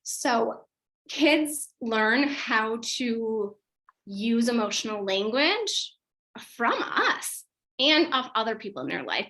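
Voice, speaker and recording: A woman in her thirties leads a parenting workshop as a psychologist. Her voice is bright and clear. She talks chattily, full of "um" and "like," and often restarts her sentences. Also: on the high side, poor audio. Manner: chatty and conversational, with frequent fillers and self-corrections. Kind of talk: informal workshop presentation.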